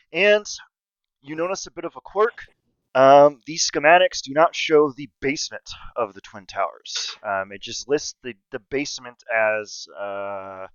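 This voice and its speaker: A man runs a tabletop game, laying out details in a matter-of-fact way with casual swearing. His voice is smooth and resonant. The recording is dry and a little dull and lo-fi. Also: medium pitch, a bit bright, no room sound. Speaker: game master.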